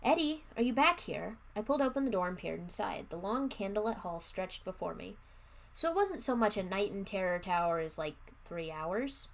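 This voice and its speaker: A woman's voice: mid-range voice, expressive, moderate pace. A woman doing a live read-aloud of a children's horror book, with casual asides and plain narration. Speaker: livestream book reader.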